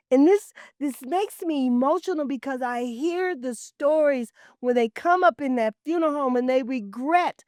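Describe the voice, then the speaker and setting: A woman hosting a talk show, telling heartfelt stories in an emphatic, preachy way with repeated phrases, dropping at times to hushed, near-whispered asides. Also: sits high, moderate pace, few pauses, dry recording, studio quality. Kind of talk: heartfelt storytelling monologue.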